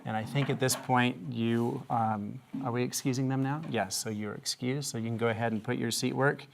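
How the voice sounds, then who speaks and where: A male teacher leading a reading lesson, speaking at an ordinary pitch with a gravelly edge. He asks patient, encouraging questions in a classroom, with a faint hiss in the recording. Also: steady tone, moderate pace.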